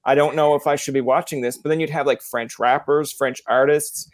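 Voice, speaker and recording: A man's voice: medium pitch, fairly even intonation, fairly quick, no echo. A man with a Newfoundland accent hosting a casual interview, rambling through chatty stories and slipping into playful quoted voices. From Newfoundland, Canada. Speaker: podcast host.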